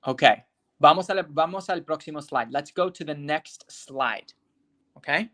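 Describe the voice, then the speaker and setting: An English teacher giving a live online class, saying example words slowly and carefully, calling on students by name and checking often that they follow. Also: mid-range voice, sharp tone.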